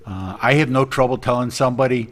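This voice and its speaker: A man's voice: medium pitch, fast. A middle-aged man, a realtor guest, talking earnestly in a casual TV interview, rambling with many restarts.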